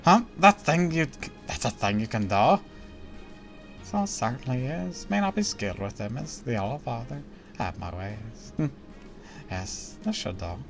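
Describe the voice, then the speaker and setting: A man voicing a calm, gentle woman recovering from illness in a game, reading her lines softly and reassuringly on a stream. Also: medium pitch, measured pace, vocal fry, music in the background. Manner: soft, quiet, reassuring.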